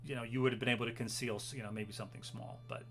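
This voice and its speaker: A man's voice: mid-range voice, steady tone, racing. A man narrating as game master of a tabletop game, hesitant and full of fillers. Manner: hesitant, full of ums and uhs.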